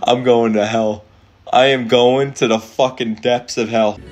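Excitable man reacting to anime. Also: mid-range voice, measured pace, faint music behind. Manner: excitable, swearing, talks back to the screen. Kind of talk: emotional reaction commentary.

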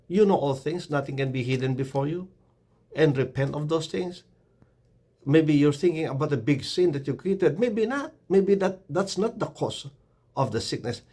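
A man's voice: fairly high pitch, darkish tone, slightly rough. A man giving a short devotional sermon, earnest and exhorting, often calling the listeners "friends". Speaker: preacher.

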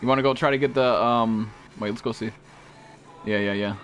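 In a lowish voice and brisk delivery, a streamer narrates his survival gameplay live, swearing all the time. He talks with a teammate and often yelps in fright at monsters, staying excitable, as faint background music plays.

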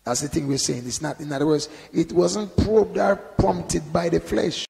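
A man preaching informally, with a strongly gravelly, creaky voice pitched a little above the usual. He talks conversationally, often adding "you know", then bursts into loud emphasis. A long reverb from the hall trails after his words. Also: steady tone, moderate pace. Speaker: Bible teacher. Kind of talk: informal sermon.

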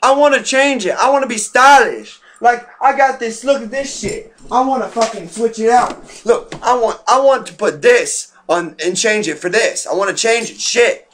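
A teenage boy vents at his camera in a loose, rambling rant full of swearing and fillers. His voice sits high. It has a bright, edgy tone. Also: lively intonation, normal speed, few pauses, a little hiss or hum. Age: teens. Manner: rambling, profane, restless, with frequent fillers. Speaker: vlogger.

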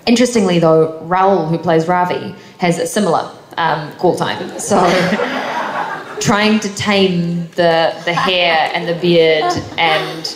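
A woman's voice: on the low side, steady tone, takes it slowly. Chatty New Zealand woman in an echoey hall. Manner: chatty, laughs often, many fillers. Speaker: actor answering fan questions. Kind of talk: convention panel Q&A. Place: convention hall. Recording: echoey hall, faint noise.

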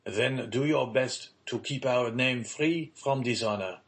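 A man voicing an aging, ruined father who speaks slowly and gravely in an audiobook reading. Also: medium pitch, close to an everyday voice. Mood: solemn. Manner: slow, grave, measured pleading.

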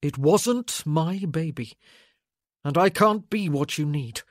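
A woman voicing an anguished, intense young man who speaks in a flat, low voice. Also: takes it slowly, no room sound, studio quality, full character voice.

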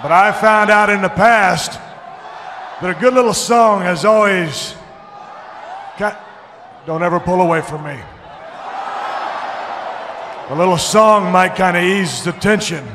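A man cutting a shouted, sarcastic wrestling promo on a handheld mic in a large arena. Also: high voice, noisy background. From Texas. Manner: shouting, mock-hurt, sarcastic, breaks into off-key singing. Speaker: professional wrestler. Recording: arena echo with loud crowd.

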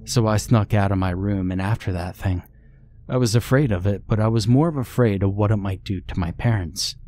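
A man's voice: fairly low pitch, fairly quick, a little mellow, close to an everyday voice. A man reading the part of a frightened, tearful young woman who fled her home at night. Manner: pleading, tearful. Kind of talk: scripted horror story reading.

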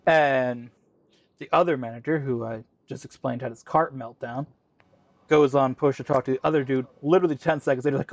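A man's voice: medium pitch, steady tone, fast talker, no room sound, muffled recording. A man hosting a gaming video, telling a long story in casual, profane chat full of slang fillers. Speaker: gaming channel host. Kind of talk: casual chat while racing in a game.

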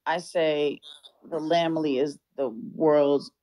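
A woman's voice: sits low, flat delivery, takes it slowly, mellow, no room sound, poor audio. A woman singer chatting playfully with fans in an online audio room, often slipping into a sing-song voice. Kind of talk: casual online audio chat.

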